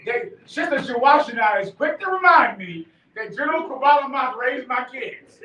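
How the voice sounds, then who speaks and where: High-voiced preacher, emphatic, in an echoey room. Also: male voice, expressive, fairly quick, few pauses, recorded from a distance, a little hiss or hum. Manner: emphatic, swings from quiet to shouting, laughs and swears. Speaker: class leader. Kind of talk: fiery live preaching to a class. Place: live meeting room.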